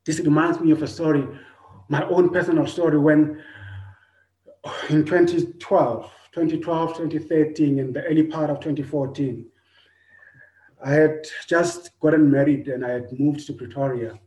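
A man, preaching a personal sermon, earnest, repeating his phrases, swinging between loud and soft. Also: fairly high pitch, steady tone, normal speed. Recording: echoey room.

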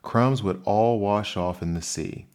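A man's voice: lowish voice, unhurried, a little mellow, pitched above the performer's own voice. A man voicing a sleepy, melancholy male turtle creature in an ASMR bedtime story reading, talking in a drowsy, rambling way.

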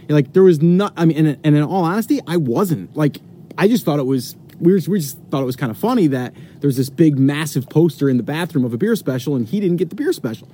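A man's voice: a little high, lively intonation, a little fast, warm tone, a little hiss or hum. Rambling casual male storyteller. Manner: rambling, many fillers and restarts, acts out quoted voices. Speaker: host telling a story.

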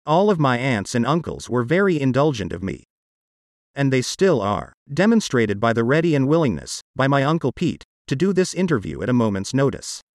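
A man's voice: mid-range voice, no room sound, clean studio sound. Computer-generated male host voice. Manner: synthetic, evenly paced reading. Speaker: podcast host. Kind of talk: scripted narration.

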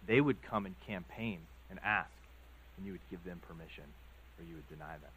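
Man, pastor, sermon, conversational, low voice, filler words. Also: a little fast, a bit bright, slight background noise, low-quality recording. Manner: conversational storytelling, many fillers.

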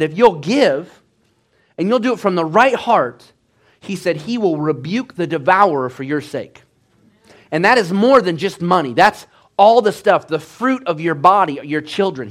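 A man preaching a sermon as pastor, telling stories with animated swings between hushed and loud delivery. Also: fairly high pitch, normal speed.

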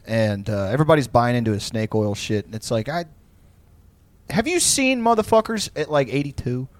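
A man's voice: medium pitch, animated, moderate pace. A young man co-hosting a podcast, telling rambling, profane stories in casual chat. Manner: profane, rambling storytelling with frequent laughs. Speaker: podcast co-host.

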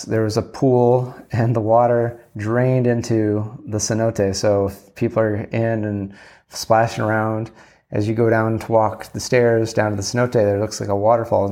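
A man's voice: on the low side, a little mellow. A man telling a rambling, candid story in a casual monologue, acting out bits of dialogue and swearing freely.

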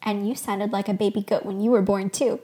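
Woman reading as a gentle loving mom, soft and quiet. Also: medium pitch, fairly even intonation, brisk, lightly acted. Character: gentle, affectionate older mother.

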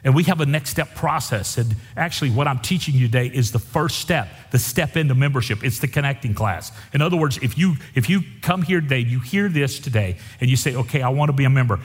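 A husky-voiced man delivers a folksy, emphatic sermon, driving his points home by repeating them. His voice carries a long reverb through the church sanctuary. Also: mid-range voice, expressive, fast, hardly any pauses. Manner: folksy, emphatic preaching with repetition. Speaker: pastor.

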